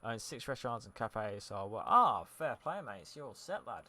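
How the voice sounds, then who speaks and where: With a fairly low, sing-song voice that's brisk, bright and forceful, a young UK streamer comments on a football game. He's chatty, reacting to the match and answering viewers' messages as he narrates the play.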